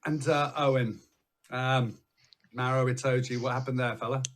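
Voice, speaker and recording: A man's voice: mid-range voice, fairly even intonation, normal speed. A man hosting a casual rugby panel podcast, teasing his guests in a jokey way. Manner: jokey, teasing, restarts phrases. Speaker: podcast host.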